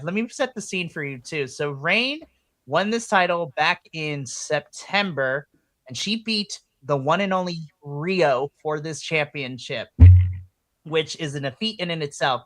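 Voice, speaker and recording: An excitable woman co-hosting a podcast, chatting through a wrestling recap in a bright, forceful voice. She swings into loud, animated retellings, recorded close and dry with no room sound. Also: sits low, no echo. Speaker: podcast co-host. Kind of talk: casual wrestling recap chat.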